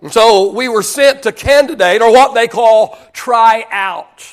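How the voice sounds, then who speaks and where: A male pastor from Oklahoma telling a story in a sermon, animated and self-deprecating, often restarting his sentences. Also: very high-pitched, a little slow.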